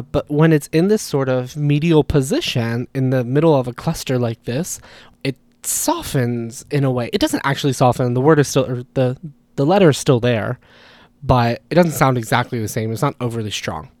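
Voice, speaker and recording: A man's voice: mid-range voice, moderate pace, a little mellow, dry recording. A man hosting a language podcast, talking casually and explaining ideas through spoken examples, often correcting himself as he goes.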